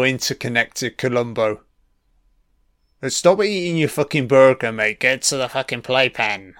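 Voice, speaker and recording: Slow-talking sarcastic man. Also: fairly high pitch, clear, resonant tone, no room sound, clean studio sound. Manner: sarcastic, heavily profane, mocking. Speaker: film commentator. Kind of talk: casual movie commentary.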